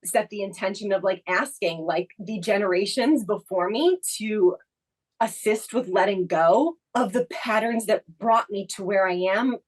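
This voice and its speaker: A woman's voice: medium pitch, measured pace, low-quality recording. A woman co-hosting a podcast, telling a personal story in casual chat, reflective and full of the filler "like". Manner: reflective, leans heavily on the filler "like". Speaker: podcast co-host.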